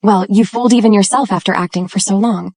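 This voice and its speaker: An actress playing a proud, sharp-tongued older grandmother, calm and cutting, in an English drama dub. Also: medium pitch, fast, no room sound, studio quality, close to an everyday voice.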